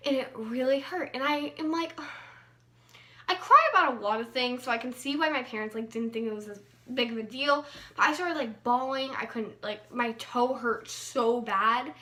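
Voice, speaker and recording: A woman's voice: on the high side, moderate pace, fairly bright tone. A young woman vlogger casually telling a personal story, chatty, with lots of fillers and playful emphasis.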